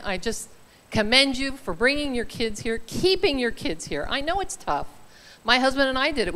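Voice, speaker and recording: Older woman teacher with a bright voice. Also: a little high. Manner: earnest, emotional, laughs between lines. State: choked up. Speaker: retiring teacher. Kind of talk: heartfelt ceremony speech. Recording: long reverb in a large hall.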